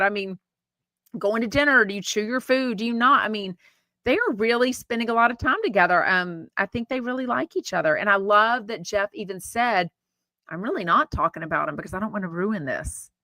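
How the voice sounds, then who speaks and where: A Texan woman hosts a podcast in a brisk, medium-pitched voice that sounds pushed and bright, on a dry recording. During a casual live-stream chat she reads out comments, rambling with fillers and restarts.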